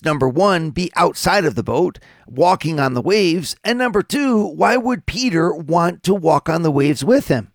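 Gravelly priest giving a gospel reflection. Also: male voice, a little high, dry recording. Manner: measured, questioning preacher's delivery. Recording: dry studio voice over faint music.

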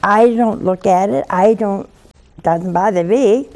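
Woman, gravelly, mellow dark tone, relaxed homily, anecdotal, gently humorous. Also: mid-range voice, takes it slowly. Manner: conversational storytelling with gentle humor. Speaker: Catholic religious speaker.

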